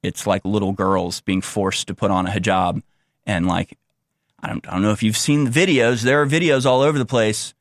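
A young man with a somewhat low voice talks through an unscripted commentary monologue, tripping over restarts and fillers. His tone is sarcastic and mocking toward the views he quotes. The recording is dry, with no room sound. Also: steady tone, normal speed, no echo. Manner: rambling with many restarts and fillers. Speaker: political commentator.

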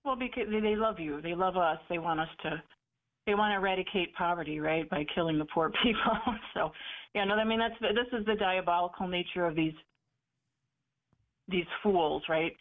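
A woman's voice: fairly low pitch, normal speed. A woman calling in to a radio talk show, chatting eagerly with many fillers and restarts. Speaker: caller. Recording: tinny phone line.

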